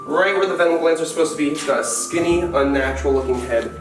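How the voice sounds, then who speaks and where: In a roomy indoor animal enclosure room, a man with a fairly high voice talks quickly, playfully chatting to the animals as he works for his wildlife vlog. Music plays beneath the distant-mic recording.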